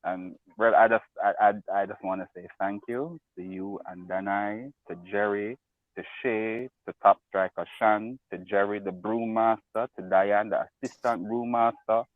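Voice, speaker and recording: A man's voice: fairly low pitch, normal speed, dry recording. Emotional man calling in by phone. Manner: excited, rambling storyteller. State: emotional, near tears. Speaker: caller. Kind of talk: phone-in chat. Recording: tinny phone line.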